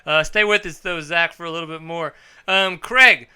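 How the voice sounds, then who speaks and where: A man hosting a casual motorsport podcast, upbeat and joking, with sudden bursts of high energy. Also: normal speed, bright, forceful tone, clear, resonant tone. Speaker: podcast host.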